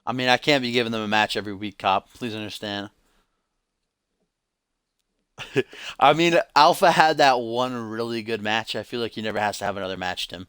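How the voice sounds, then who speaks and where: Man, stream host, casual wrestling-game commentary, joking, forceful tone, dry close sound. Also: lowish voice, moderate pace, long pauses, clear, resonant tone, no room sound. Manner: joking, teasing chat asides. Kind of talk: live play-by-play of a wrestling video game.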